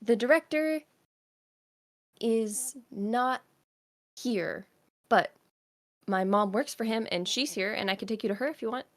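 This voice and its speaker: A woman's voice: on the high side, measured pace, pauses often, voice pushed up. A woman voicing a shy young boy who talks to himself nervously and hesitates. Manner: hesitant, nervous, self-coaching.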